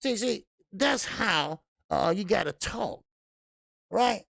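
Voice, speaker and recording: A man's voice: sits high, animated, slow pace, vocal fry, fairly bright tone, dry recording, studio quality. A man hosting a boxing channel, talking in a casual livestream style, blunt and profane with lots of repeated fillers.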